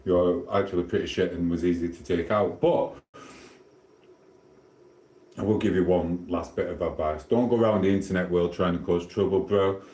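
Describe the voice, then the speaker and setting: A man's voice: sits low, fairly even intonation, normal speed, a little mellow. A middle-aged man with a Sheffield Yorkshire accent, chatting casually with his livestream viewers while cooking at home, rambling in a friendly, matey way. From Sheffield, South Yorkshire. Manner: rambling, matey banter with chat. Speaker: livestream host. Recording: roomy echoing room.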